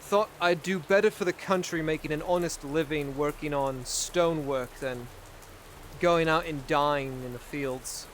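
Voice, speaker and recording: Casting: man as earnest young sergeant, hesitant, rambling delivery, voice a touch high. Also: a little hiss or hum, lightly acted. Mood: reminiscing. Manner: halting, rambling, searches for words. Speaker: roleplay player. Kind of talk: casual voice roleplay.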